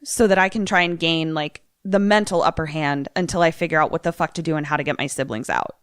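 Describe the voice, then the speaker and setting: A woman's voice: deep voice, fast talker, clean tone, dry recording, studio quality. A young woman co-hosting a podcast, chatting casually and swearing freely as she reacts to a movie recap. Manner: expressive, swears often, swings between musing and shocked outbursts. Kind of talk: casual chat.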